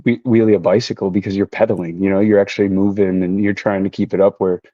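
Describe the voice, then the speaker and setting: A motorcycle racer appears as a podcast guest, talking casually and easily with many fillers like "you know." He has a low-pitched voice and talks fast; the recording has no echo, with the highs cut off.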